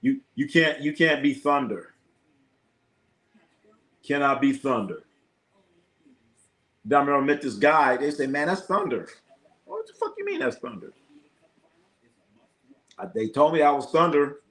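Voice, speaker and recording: A man's voice: medium pitch, normal speed, long pauses, a bit bright. A man hosting a sports livestream, telling rambling stories in a casual chat style, repeating phrases and quizzing his chat.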